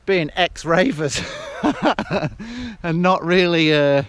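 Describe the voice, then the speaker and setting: A man's voice: on the high side, steady tone, takes it slowly, fairly bright tone, clean tone, no echo. A middle-aged English man, out of breath, chatting and laughing as he vlogs while walking up a hill outdoors. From England. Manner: chatty, self-mocking, laughs often. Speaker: vlogger. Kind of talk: casual outdoor vlog chat. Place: hillside outdoors. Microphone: handheld camera.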